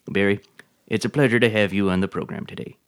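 An actor playing a calm, deadpan public radio host who keeps slipping insults into an interview. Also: male voice, fairly low pitch, fast talker, clean tone, no echo, natural voice. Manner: calm, dry, oddly insulting questions.

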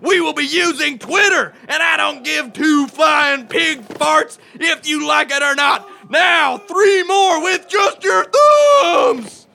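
An actor playing a foul-mouthed drill sergeant who barks insults at recruits in a comedy sketch. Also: male voice, very high voice, full character voice. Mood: barking. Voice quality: gravelly, barking shouts. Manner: insulting, rapid-fire tirades.

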